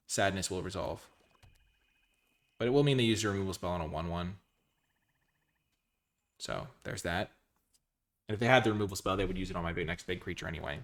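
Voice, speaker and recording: A man commentating his own card game matches casually, excitable and full of exclamations. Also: low-pitched.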